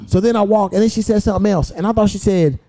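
A man's voice: high-pitched, fast talker, warm tone. A young adult man hosting a podcast, telling a story in a profane, heated way with laughs. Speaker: podcast host. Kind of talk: casual storytelling chat.

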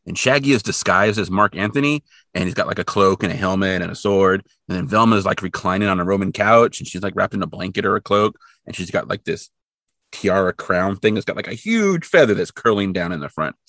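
A man's voice: low voice, brisk, no echo, clean studio sound. A man co-hosting a podcast, recapping a cartoon episode in casual chat and acting out bits of the story. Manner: animated storytelling with acted-out bits.

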